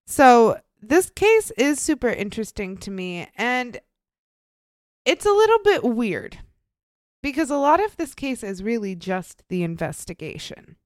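Chatty woman with a smooth, crisp voice. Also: on the high side, sing-song, measured pace, dry recording. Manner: chatty and upbeat, heavy on fillers like "so" and "super". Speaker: podcast co-host presenting the case. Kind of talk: casual true crime podcast chat.

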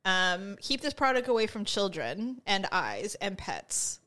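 Co-hosting a laid-back podcast, a woman from the San Francisco Bay Area laughs while dramatically griping that her mouth is burning and her nose is running. Her mid-range voice is sharp and very animated, though her pace is unhurried.

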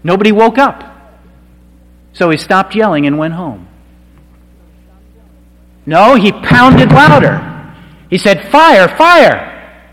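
A man preaching a sermon, with a dramatic delivery that swings from hushed passages to loud, emphatic cries. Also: high-pitched, big pitch swings. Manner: slow, dramatic delivery swinging from quiet to shouted. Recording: long hall reverb.

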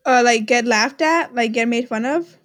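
A young woman from Texas co-hosting a podcast in casual chat, joking and quick to laugh. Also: fairly high pitch. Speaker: podcast co-host.

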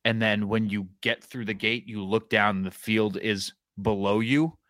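A young man from New Hampshire, his voice on the low side, tells anecdotes in a relaxed way and leans on fillers. The recording is dry and close. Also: moderate pace, no echo. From New Hampshire, USA. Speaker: podcast co-host. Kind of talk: casual chat.

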